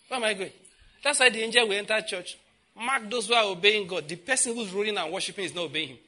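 A man with a Nigerian accent preaching a sermon, emphatic and repetitive, with sudden loud outbursts and asides in pidgin. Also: sits high, fast.

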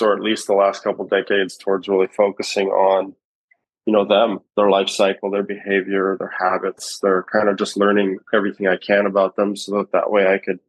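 A bowhunter appears as a guest on a casual podcast, his voice sitting on the low side. He rambles reflectively, full of fillers and restarts. The recording is rough but has no echo.

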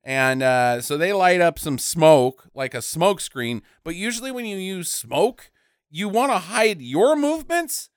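A man riffing on a movie with his co-hosts, swearing and laughing as he goes. His voice is smooth and a touch high, and it swings up and down a lot. The sound is dry and close-miked. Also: unhurried, dry recording. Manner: animated, profane, laughing asides. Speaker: podcast co-host.

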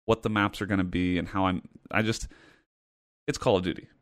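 A man's voice: sits low, a little fast, no echo. Emphatic man on a podcast, dry sound. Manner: animated, emphatic, repeats himself for effect. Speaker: podcast host. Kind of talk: casual chat.

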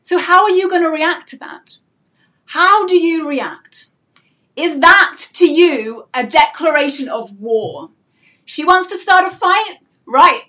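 A woman's voice: very high voice, lively intonation, slow, pushed and bright. A woman mentoring homeschooling parents in a live-streamed talk. She speaks earnestly and asks many rhetorical questions.

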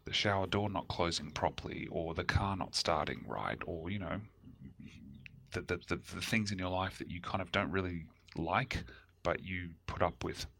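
A man's voice: low-pitched, moderate pace, vocal fry, fairly bright tone, slight background noise. A man co-hosting a casual podcast, easygoing and chatty, sometimes dropping to a near whisper. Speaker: co-host.

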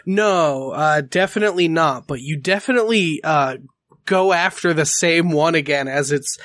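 A man's voice: fairly high pitch, a bit bright, dry recording. Man running a tabletop game, dry sound. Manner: laid-back, swears casually, halting with fillers. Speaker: game master. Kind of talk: narrating a tabletop game casually.

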